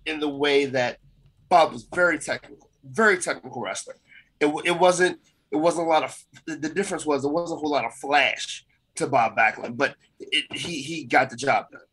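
A man's voice: a little high, moderate pace, a bit bright, slightly rough, poor audio. A man co-hosting a casual wrestling podcast, rambling and repeating himself as he gives his opinions. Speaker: podcast co-host.

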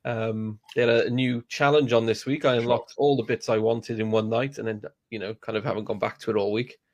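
Brief: man, mid pitch, relaxed gaming podcast co-host, dry close mic. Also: a little fast, no echo, muffled recording. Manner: laid-back, self-deprecating, swears. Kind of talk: casual gaming podcast chat.

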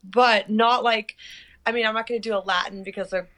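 A woman's voice: fairly high pitch, steady tone, a bit bright. A young adult woman, a guest actress, chatting bubbly and giggly on a podcast. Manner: bubbly, giggly, quick asides. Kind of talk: casual podcast chat.

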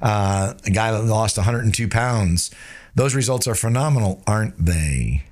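A man's voice: on the low side, moderate pace, a little mellow. A man giving a sales training talk, using rhetorical tag questions and demonstrating shifts of tone and tempo.

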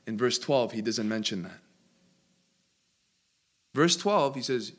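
A man preaching a sermon and asking his listeners questions, slowing and rising in pitch to stress key words. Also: expressive.

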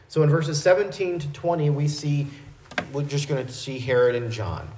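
A man preaching a verse-by-verse Bible teaching in a measured, explanatory way, with small restarts. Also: a little high, darkish tone, reverberant, rough recording.

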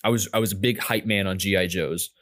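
A man's voice: sits low, steady tone, fast talker, fairly bright tone. A young man telling a story in casual chat, rambling and self-mocking with lots of fillers and restarts.

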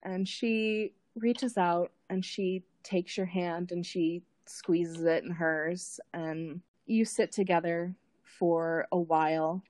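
A woman narrating a tabletop role-playing scene as game master, unhurried, thinking aloud with frequent fillers and repeated words. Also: on the low side, steady tone, a little mellow, no room sound.

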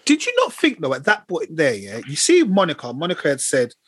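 Fast-talking slangy man, husky. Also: fairly high pitch, wildly swooping pitch, fairly bright tone, dry recording. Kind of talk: casual podcast chat.

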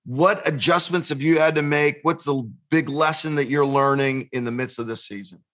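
A man's bright, somewhat high voice leads a conversational interview. He is keen and animated, stacking several questions one after another. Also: moderate pace. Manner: enthusiastic, asks stacked questions. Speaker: interview host.

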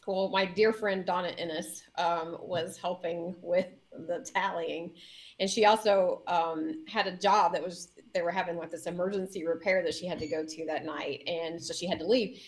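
A woman mayor in an interview, telling a story in a lively way, laughing and acting out what people said. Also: normal speed, low-quality recording. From Indiana, US. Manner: lively, laughing, acts out quotes with big pitch jumps. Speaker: mayor, guest.

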